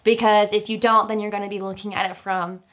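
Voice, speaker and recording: A woman's voice: medium pitch, little pitch movement, fast, a bit bright. A young woman telling a personal story in casual chat, talkative, with many fillers and restarts. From Utah, US.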